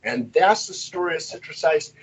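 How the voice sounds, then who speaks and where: A male paranormal investigator telling stories in casual chat, animated and acting out the voices in them. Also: fairly high pitch, moderate pace, husky, poor audio. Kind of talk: casual storytelling.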